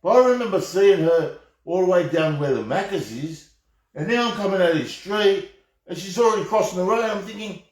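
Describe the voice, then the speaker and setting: This Australian man's voice sits high, moving fairly quickly with lively intonation. Streaming live from an echoey room, he launches into a profane, rambling tirade, cursing constantly and starting sentences over again and again.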